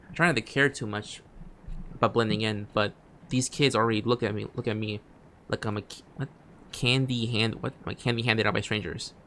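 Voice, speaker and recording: Male streamer, deepish voice, reads narration off screen with frequent restarts and muttered side comments. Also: a little hiss or hum. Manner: reads on-screen text aloud, stumbling and restarting phrases; drops quiet asides between read lines. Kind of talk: gameplay commentary, reading game text aloud.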